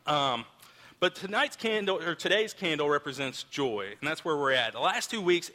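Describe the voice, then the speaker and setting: A man's voice: fairly high pitch, bright, forceful tone, in a large hall. A man in his thirties preaching a sermon in a casual storytelling way, often restarting his sentences, recorded in a church auditorium. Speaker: pastor.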